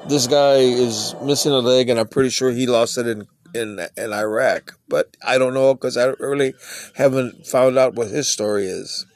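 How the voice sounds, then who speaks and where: A man's voice: mid-range voice, moderate pace, a little mellow. Earnest rambling male podcast host. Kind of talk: casual monologue.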